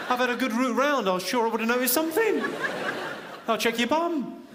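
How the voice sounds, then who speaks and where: A man doing live stand-up comedy in a large auditorium, deadpan and teasing the crowd. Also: extremely high pitch, fairly quick, background noise. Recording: echoey live hall, loud audience laughter. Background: audience laughter.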